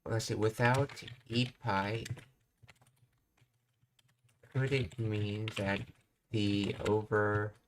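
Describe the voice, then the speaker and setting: A man's voice: on the low side, little pitch movement, drawn-out words, pauses often, a little hiss or hum. A man teaching a language on a live stream, reading out explanations, thinking aloud and asking himself questions as he works through a sentence.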